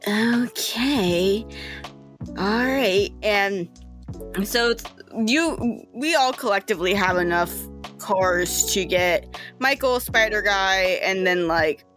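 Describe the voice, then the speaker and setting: A woman's voice: medium pitch, animated, slow pace, fairly bright tone, faint music behind. Casual, rambling young woman game master. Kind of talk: narrating a tabletop game.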